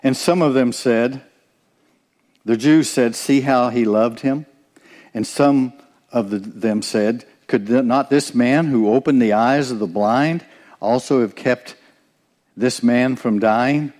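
A man's voice: medium pitch, slow pace, darkish tone, big-room sound. A man preaching a sermon, earnest and direct, often turning to ask the listeners questions. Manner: earnest, asks the congregation questions.

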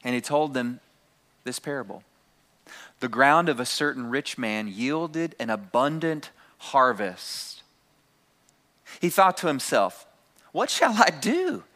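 A man's voice: medium pitch, very animated, takes it slowly, pauses often, pushed and bright. A man preaching a sermon to his congregation, calling out key phrases and having the room repeat them. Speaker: pastor.

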